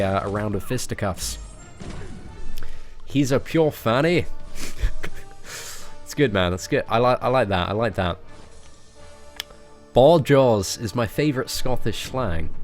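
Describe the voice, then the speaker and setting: Playful British man, lively voice. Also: on the low side. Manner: playful, joking, laughs often. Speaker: game streamer. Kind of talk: casual live-stream chat reading out viewer comments.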